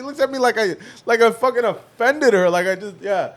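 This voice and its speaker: A man's voice: high-pitched, a little fast. A young man on a podcast, telling a story in casual chat, swearing and acting out the voices of the people in it. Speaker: podcast co-host.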